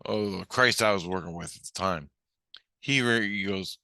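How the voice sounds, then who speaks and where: A man's voice: low-pitched, normal speed, pushed and bright, dry recording, clean studio sound. A middle-aged man telling a rambling, profane story about a strange experience, agitated and full of restarts. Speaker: vlogger recounting a spiritual experience.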